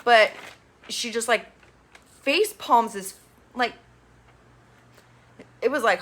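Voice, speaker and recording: A woman with a bright, forceful voice hosts a casual recap of a reality dating show, chatty and opinionated, swearing casually along the way. Her voice is on the high side and sing-song, and she speaks slowly with long pauses.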